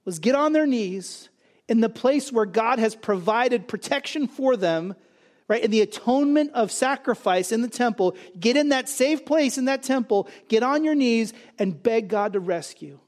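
A man's voice: very high-pitched, expressive, normal speed. A man preaching a sermon, emphatic, asking and answering his own rhetorical questions. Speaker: pastor.

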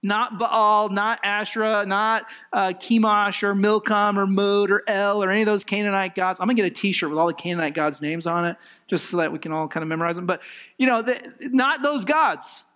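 A man preaching a sermon, emphatic and animated, with rhetorical questions and lively swings in emphasis. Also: high-pitched, normal speed. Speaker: pastor.

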